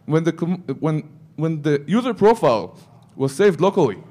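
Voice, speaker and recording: A man's voice: fairly high pitch, sing-song, moderate pace, dark tone. A man giving a security conference talk, breaking into joking asides to the audience. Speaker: conference speaker.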